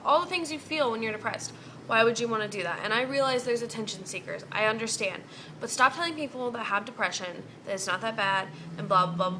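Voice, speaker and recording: Bright-voiced woman ranting bluntly. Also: fairly high pitch, slight background noise. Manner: blunt, heavy cursing, exasperated. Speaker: vlogger. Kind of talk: casual ranting vlog.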